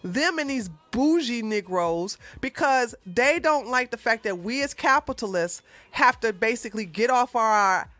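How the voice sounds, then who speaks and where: Animated high-voiced woman mocking a clip. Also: normal speed, hardly any pauses, no echo. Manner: sarcastic and profane, with loud laughs and sudden shouts. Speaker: reaction commentator. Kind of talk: mocking reaction commentary.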